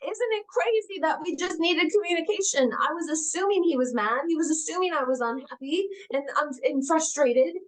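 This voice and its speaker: A woman's voice: very high-pitched, moderate pace, hardly any pauses. A woman giving an earnest, emphatic personal talk as a guest speaker, repeating her key phrases and acting out the voices in the dialogues she recounts.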